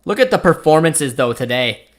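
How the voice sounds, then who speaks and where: Young man, Canadian accent, live football watchalong host, casual chatty commentary, reads out chat, slightly higher voice. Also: expressive, moderate pace. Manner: chatty, reads out chat messages, reacts to the match.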